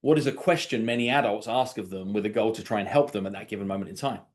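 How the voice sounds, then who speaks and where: A man coaching real estate agents on an online call, lively, acting out sample conversations in quoted voices. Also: lowish voice, fast. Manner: animated, acts out sample dialogues. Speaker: sales coach. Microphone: video call.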